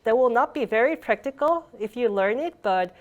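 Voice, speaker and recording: A woman's voice: on the high side, lively intonation, normal speed, highs cut off. Female language lecturer, online workshop, patient explainer, talks through a video call. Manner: explains patiently, frequent fillers and restarts.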